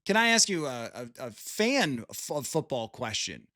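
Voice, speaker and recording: A man's voice: mid-range voice, sing-song, normal speed, sharp tone, no echo, clean studio sound. A man hosting a casual sports podcast, talking chattily with frequent laughs and restarts.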